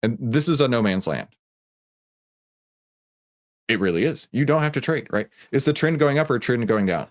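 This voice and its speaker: A man's voice: medium pitch, lively intonation, normal speed, long pauses. Chatty Texan man hosting a live trading stream. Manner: chatty, greets viewers by name, many fillers. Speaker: livestream host of a trading room. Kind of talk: casual live-stream talk.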